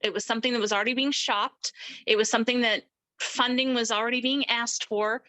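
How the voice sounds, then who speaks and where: A woman's voice: fairly high pitch, steady tone, fairly quick, pushed and bright, low-quality recording. A middle-aged woman, an interview guest, recounting a personal story emphatically and acting out the people she quotes.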